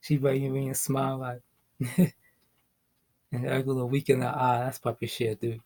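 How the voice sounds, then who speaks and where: A young man chatting casually about wrestling news, rambling, laughing often and swinging between excited bursts and mumbling. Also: medium pitch, moderate pace. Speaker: vlogger.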